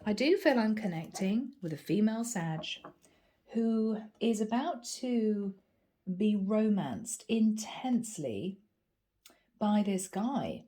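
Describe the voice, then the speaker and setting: A woman with a gravelly voice from a cold, giving a chatty, animated tarot reading. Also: medium pitch, slow pace. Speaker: tarot reader. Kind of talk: casual spoken tarot reading.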